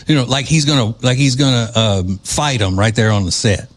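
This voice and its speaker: A man's voice: medium pitch, a little fast, few pauses. A man hosting a podcast, giving casual opinionated commentary in a mocking, sarcastic manner. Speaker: podcast host.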